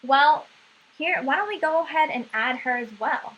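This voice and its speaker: A woman's voice: high voice, normal speed, fairly bright tone, dull audio, slight background noise. A woman giving a staff sales training talk, coaching and often checking in with "right?".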